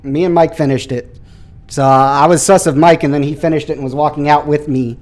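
A man streaming a social deduction game, talking in animated, defensive casual voice chat over a headset mic. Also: on the high side. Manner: animated, defensive, quick to laugh.

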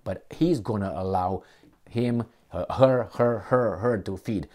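Male commentator, lowish warm voice; rambling, halting delivery that flares into heated ranting. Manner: heated, gets louder and higher when indignant; halting, hunts for words and restarts. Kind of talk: rambling political rant.

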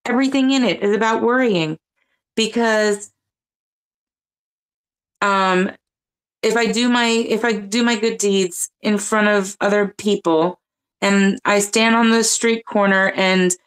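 A woman's voice: mid-range voice, steady tone, takes it slowly, long pauses, clear, resonant tone, rough recording. A woman speaking earnestly as a panelist, sharing her personal faith story in casual chat, often restarting her sentences. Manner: earnest, searching, with many restarts.

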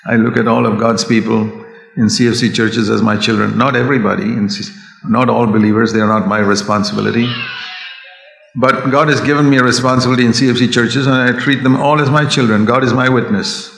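A man's voice: medium pitch, fairly even intonation, brisk, gravelly, fairly bright tone. Older man preaching in an echoey hall. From India. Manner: earnest, rises to emphatic raised voice. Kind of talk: sermon.

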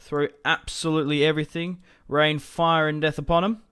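A man's voice: fairly high pitch, level tone, normal speed, a bit bright, clear, resonant tone. A young man casually commenting on a strategy game as he plays, rambling and chatty, often laughing to himself. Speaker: gaming commentator.

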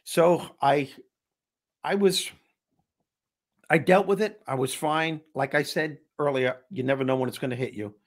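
A man hosting a talk show, telling a personal story in a lively way with frequent restarts. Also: fairly high pitch, unhurried, long pauses. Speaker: host. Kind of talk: casual storytelling chat.

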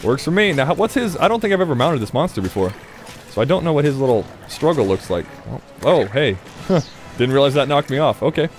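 A man talks his way through a game session in a loose, chatty commentary, swearing freely and scolding the monster he fights. His voice sits mid-range but swings widely in pitch. Faint game music plays underneath. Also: big pitch swings, brisk. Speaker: let's play gamer. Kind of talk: casual gameplay commentary.

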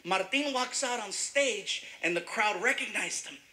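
A man doing stand-up comedy, telling an animated story and shouting some punchlines. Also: high voice, measured pace.

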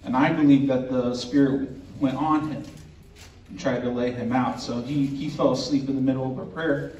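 Male storyteller recounting a haunting; earnest and unhurried, heard from off-mic in a dull, echoey room. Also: medium pitch, fairly even intonation, a little mellow, slight background noise. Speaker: host telling a personal story. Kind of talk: telling a true ghost story to an audience. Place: indoor event room. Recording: roomy, distant, dull recording with faint ambience.

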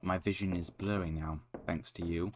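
A young man giving foul-mouthed, excitable commentary while playing a horror game, yelling at what scares him. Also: deep voice, normal speed, very noisy. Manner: swearing, excitable, shouting at the game. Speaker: gaming YouTuber.

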